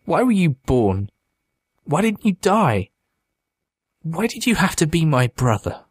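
A man's voice: mid-range voice, a little slow, no echo, voice pushed up, lightly acted. A man voicing a distraught grown man who pleads and sobs with his monstrous brother, in an audiobook. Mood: anguished. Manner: pleading, tearful. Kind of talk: audiobook character voice.

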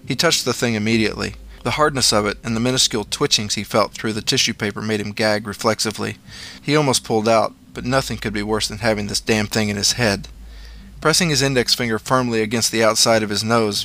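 Bright-voiced man narrating horror. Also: fairly low pitch, a little hiss or hum. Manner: measured, dramatic storytelling. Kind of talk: scripted horror story narration.

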